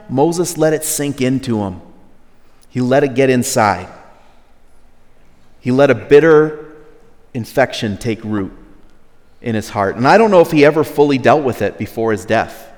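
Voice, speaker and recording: A man preaching in a loose, conversational sermon style, now and then exasperated. His voice sits at an ordinary middle pitch. A long reverb trails behind him as if he were in a big hall.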